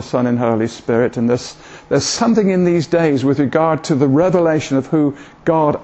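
An older man in his seventies preaching informally at a church meeting, his voice a touch higher than most men's. He rambles and hesitates, often poking fun at himself. The recording is dull and lo-fi. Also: darkish tone. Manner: rambling, hesitant, self-deprecating humour. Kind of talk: informal sermon talk.

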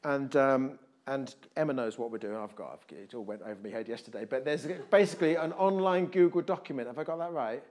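A pastor delivers a sermon and church announcements in a church hall, speaking briskly at medium pitch with hardly any pauses. His manner is chatty and jokey, and his volume shifts with animation.

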